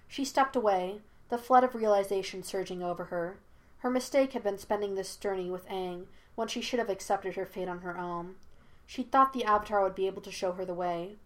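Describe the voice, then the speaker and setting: A woman reads a fan story aloud in an even, steady storytelling manner. Her voice sits at a middle pitch for a woman. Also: fairly quick. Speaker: audiobook reader. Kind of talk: scripted narration of a fan story.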